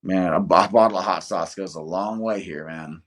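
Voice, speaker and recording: A man's voice: low-pitched, moderate pace, fairly bright tone. A young American man telling rambling, profanity-laced stories in a casual podcast chat. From United States. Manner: profane, rambling storyteller, swears a lot. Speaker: guest, volunteer soldier.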